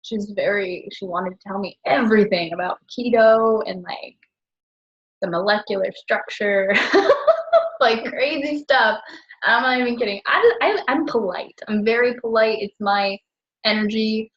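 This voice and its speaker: A woman's voice: medium pitch, normal speed, breathy edge, dull audio. A woman talking casually about her business, chatty and full of fillers, often breaking into laughter. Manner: chatty, filler-heavy, self-correcting. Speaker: network marketer.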